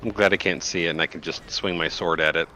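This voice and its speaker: Brief: very low male voice with a bright edge, animated jokey gamer chat, faint hiss. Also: fast talker. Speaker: group player. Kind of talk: casual gaming chat.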